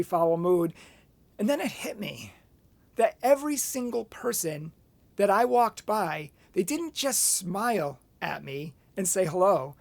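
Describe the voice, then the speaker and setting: A man giving a Catholic motivational talk, earnest and expressive as he tells personal anecdotes. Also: high voice, no echo. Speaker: Catholic speaker.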